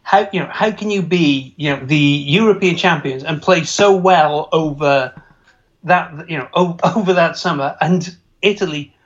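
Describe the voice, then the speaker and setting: A man with a fairly high voice chats on a football podcast, agreeing readily and dropping quick jokes. He laughs often between his remarks. His recording sounds dull and lo-fi. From England. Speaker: podcast co-host. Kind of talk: casual chat.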